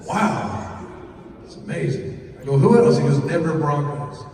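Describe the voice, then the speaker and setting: Middle-aged man from Florida, banquet speaker, self-mocking humorous storyteller, slightly high voice, echoing hall, distant mic. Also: unhurried, slight background noise. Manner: animated, self-mocking, acts out dialogue. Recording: echoey hall from far off, faint ambience.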